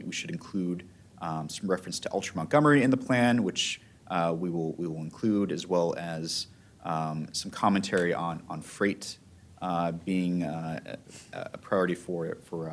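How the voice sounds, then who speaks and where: A man presenting transportation planning at a public board meeting, explaining things patiently, with halting fillers. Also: low-pitched.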